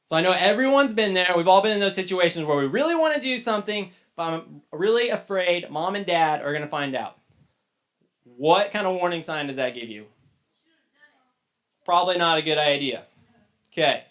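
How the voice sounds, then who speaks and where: A man's voice: high-pitched, animated, moderate pace, a bit bright. A man teaching a casual Bible lesson to young people, retelling the story loosely with chatty asides. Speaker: youth teacher.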